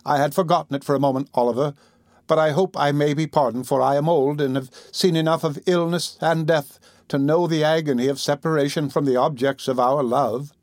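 A man voicing an anxious elderly aunt who speaks slowly, gently and with a tremble. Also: a little high, fairly even intonation, no echo, studio quality, close to an everyday voice.

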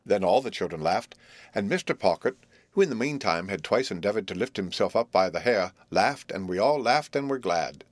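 Man, audiobook narrator, low voice, measured expressive storytelling, dry close recording. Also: dry recording. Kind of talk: scripted narration of a classic novel.

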